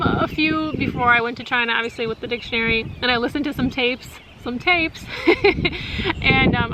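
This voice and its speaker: Chatty woman vlogging outdoors in wind. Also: a little high. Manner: chatty, many fillers, laughs often. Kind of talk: casual chat. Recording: wind noise on the mic.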